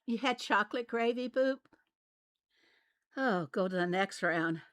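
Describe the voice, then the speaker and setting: Southern lady rambling over her game, slow easy talk, dry close sound, laughs a lot. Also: medium pitch, expressive, dry recording. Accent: light Southern US. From Arkansas, USA. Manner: chatty and rambling, laughs often. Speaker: game channel host. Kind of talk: casual gameplay commentary.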